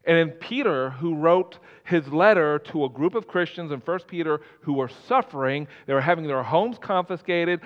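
A man preaching a sermon as pastor, swinging between loud emphatic lines and soft quiet ones. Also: on the high side, animated, normal speed, few pauses. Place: church sanctuary. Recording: dull sound, long hall reverb.

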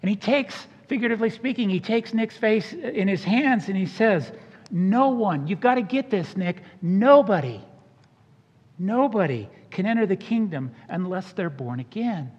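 Animated preacher man in an echoing hall. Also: sits high, normal speed, husky. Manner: animated, acts out quoted voices. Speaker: pastor. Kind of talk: sermon. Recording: dull sound with long hall reverb.

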